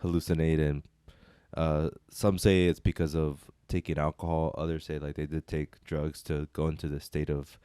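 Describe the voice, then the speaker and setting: A man's voice: rumbling low, little pitch movement, moderate pace, dark tone, smooth, dry recording, studio quality. A man co-hosting a casual movie review chat, laughing often and restarting his sentences. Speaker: podcast co-host.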